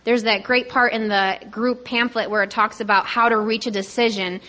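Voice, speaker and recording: A young woman speaking on a conference panel, sharing her story quickly, a little nervous and excited. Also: fairly high pitch. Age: young adult. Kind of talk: personal share talk.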